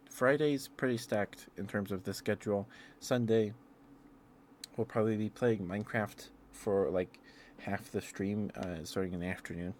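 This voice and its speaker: A man streaming ASMR, chatting casually and excitedly with viewers in a rambling, friendly way. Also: fairly low pitch, a little hiss or hum. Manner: excitable, rambling, with fillers and quick laughs. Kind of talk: casual live-stream chat.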